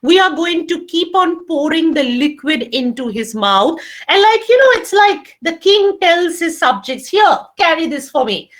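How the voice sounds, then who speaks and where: Middle-aged Indian English woman, literature teacher, high voice, animated and emphatic. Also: a little slow, few pauses. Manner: animated, emphatic, repeats key phrases for note-taking. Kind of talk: online literature lecture.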